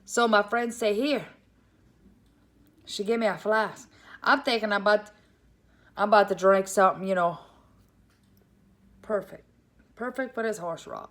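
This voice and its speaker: A woman with a Cajun Louisiana accent telling a comic story in a casual, animated way, calling her listeners "y'all". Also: medium pitch, measured pace, long pauses.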